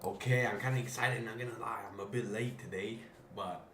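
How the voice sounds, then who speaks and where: A man live-streaming his trading at a computer, talking casually to viewers, swearing freely and calling them man and bro, often dropping to a quiet mumble as he focuses. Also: a little fast, hardly any pauses, a little hiss or hum. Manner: mumbles low and quiet while focused on the chart.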